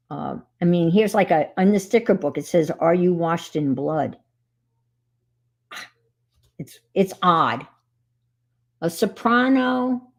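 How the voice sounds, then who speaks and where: A woman's voice: on the low side, darkish tone. A middle-aged woman hosting a casual crafting stream, rambling cheerfully with self-deprecating asides. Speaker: crafting livestream host. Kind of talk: casual craft demonstration chat.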